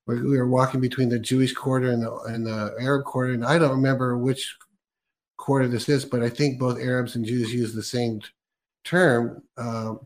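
A man's voice: mid-range voice, little pitch movement, moderate pace. Chatty male faith-show host. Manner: chatty, laughs often, many fillers and restarts. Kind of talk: casual faith interview.

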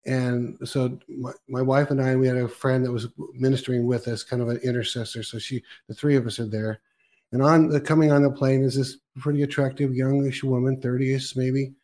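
A man's voice: mid-range voice, flat delivery, brisk, a little mellow. A man hosts a faith talk show and chats casually in a mid-range voice. He tells a long story, stepping into quoted lines as he goes. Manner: rambling storyteller, quoting himself and others. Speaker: host.

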